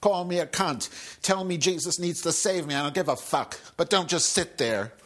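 Man, husky voice, swearing nonstop, angry rant, sarcastic, wanders off on tangents. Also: on the high side, normal speed, fairly bright tone. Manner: rambling with frequent asides. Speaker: podcast host. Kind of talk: profane solo rant.

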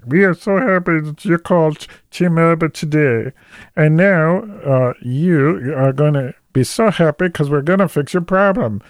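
Guy putting on a squeaky sing-song customer service lady, way too cheerful. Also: a little slow, dry recording, clean studio sound. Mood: gushing. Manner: gushing, sing-song reassurance. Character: overly cheerful female phone service agent.

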